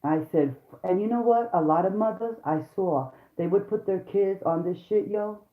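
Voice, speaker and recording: A woman's voice: medium pitch, moderate pace. A woman vlogger and mother delivering a heated, profane rant straight to her viewers. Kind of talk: angry profane rant to camera. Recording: roomy, dull lo-fi sound.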